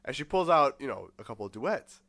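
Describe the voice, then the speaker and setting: A man's voice: medium pitch, sing-song, fast talker, gravelly, a bit bright. A young man chatting casually, telling a rambling story with swearing and quoted voices. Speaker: podcast guest.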